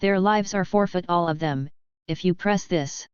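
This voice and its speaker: Woman voicing a menacing male dark lord, cold, contemptuous, smooth, dry. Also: fairly low pitch, normal speed, dry recording, lo-fi sound, lightly acted.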